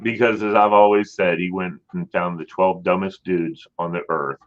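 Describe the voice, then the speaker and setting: A man co-hosting a podcast in casual chat, telling stories and acting out voices with big jumps in pitch. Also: fairly even intonation, moderate pace. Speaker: podcast co-host. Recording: dull lo-fi sound.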